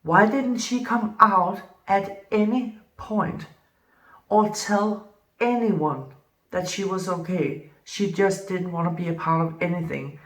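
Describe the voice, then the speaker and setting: A woman's voice: on the low side, slow pace. A woman giving casual, emphatic commentary on a true crime case. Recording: roomy, distant from mic.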